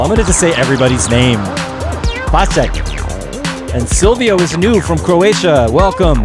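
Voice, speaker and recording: A man hosting a casual livestream from a music school studio, upbeat and chatty, greeting viewers by name. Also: on the high side. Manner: upbeat, greets chat names one by one. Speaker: livestream host. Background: electronic music playing.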